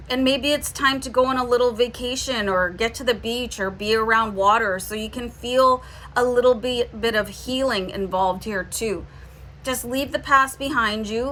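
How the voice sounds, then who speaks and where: A woman's voice: a little high, fairly bright tone, slight background noise. A woman with a Canadian accent giving a casual, reassuring tarot reading, often checking in with "okay?". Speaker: tarot reader.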